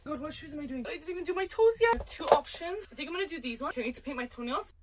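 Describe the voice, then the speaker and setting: Young woman, high and bouncy, fast rushed chat, noisy phone audio. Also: lively intonation. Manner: rushed, chatty. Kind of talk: get-ready-with-me vlog.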